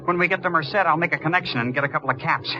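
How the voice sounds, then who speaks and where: A man's voice: on the high side, racing, noisy background, close to an everyday voice. An actor playing a desperate young male robber in a 1950s radio drama, hard and bullying. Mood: agitated. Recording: dull old radio broadcast.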